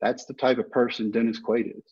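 A man in his fifties, a former ballplayer, telling animated stories as a podcast guest and acting out the quotes. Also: medium pitch, fairly quick, husky. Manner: animated anecdotes with acted-out quotes. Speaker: guest, former baseball player. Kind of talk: storytelling interview. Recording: dull lo-fi podcast audio.

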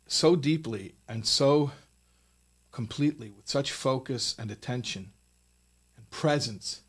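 Guy giving a torah talk in a studio, gets worked up and louder on the big points, repeats himself, middle pitch. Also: breathy edge. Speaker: rabbi teaching a Torah lesson. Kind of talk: recorded Torah talk with a closing blessing.

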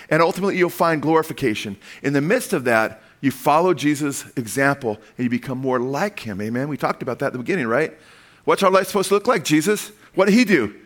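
Animated middle-aged man preaching a sermon. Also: on the high side. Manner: animated preaching with call-and-response amens. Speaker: pastor.

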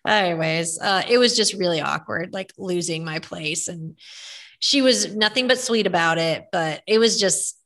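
A young woman chatting casually, telling animated stories with lots of fillers. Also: fairly low pitch, normal speed. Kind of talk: casual chat.

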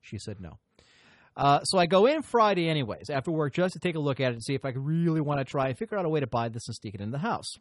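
Guy on a podcast rambling thru a story, swears a lot, kinda high voice, dry close mic. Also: very animated, quick pace, no echo. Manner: rambling, profane, self-interrupting storyteller. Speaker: podcast host. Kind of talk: casual storytelling chat.

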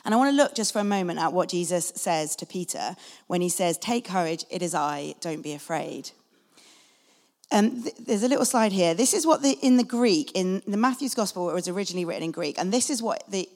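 A woman's voice: on the low side, gravelly. A woman preaching a sermon in an earnest, conversational way, acting out short quotes, recorded in a church hall. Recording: long reverb of a large hall.

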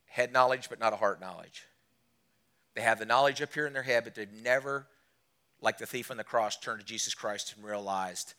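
Emphatic male preacher, loud then hushed. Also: brisk. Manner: swings from loud emphatic lines to quiet low drops; asks the congregation direct questions. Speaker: guest preacher. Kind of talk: sermon. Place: church service.

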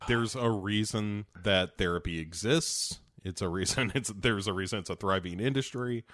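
A man's voice: lowish voice, moderate pace, a bit bright, no room sound, clean studio sound. A man co-hosting a comedic movie recap podcast, joking and swearing, often jumping into put-on voices. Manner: jokey, profane, bursts into put-on character voices. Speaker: podcast co-host.

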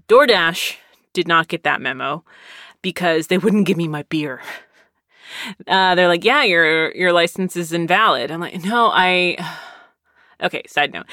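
Young woman, lower pitch, bright tone, dry close mic, rambling animated storyteller who laughs a lot. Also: no echo. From Texas. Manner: rambling, animated, laughs often, squeals when excited. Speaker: podcaster. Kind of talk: casual storytelling.

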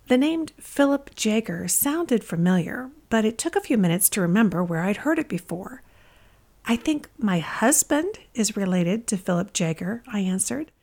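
A woman hosting a podcast, announcing the episode in a clear, upbeat way and reading a listener's letter aloud. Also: medium pitch, a little mellow. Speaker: podcast host.

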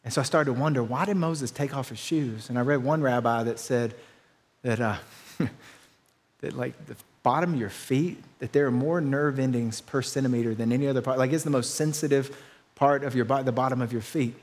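A man's voice: medium pitch, brisk. A man preaching a sermon as pastor, speaking in a casual, conversational way and dropping in slang asides.

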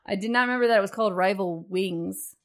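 A woman's voice: medium pitch, fast talker. A woman co-hosting a casual gaming podcast, playful and teasing, swearing freely as she chats. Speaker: podcast co-host.

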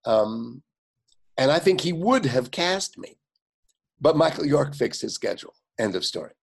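An older man, a guest, telling anecdotes in an animated way, acting out other people's lines and often laughing. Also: mid-range voice, a little slow, vocal fry, slightly rough. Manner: animated storyteller, quotes others in lively voices, frequent fillers and laughs. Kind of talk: anecdotal storytelling.

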